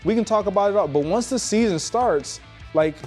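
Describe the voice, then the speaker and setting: Emphatic higher-voiced sports pundit man. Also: expressive, a little fast, a little mellow, soft background music. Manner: emphatic and opinionated. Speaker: sports talk co-host. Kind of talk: sports debate talk.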